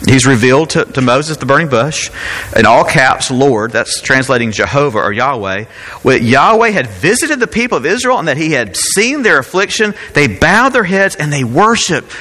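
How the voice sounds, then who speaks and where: A man's voice: mid-range voice, very animated, moderate pace, sharp tone, big-room sound. A man preaching a sermon as pastor, talking in a conversational way and asking rhetorical questions.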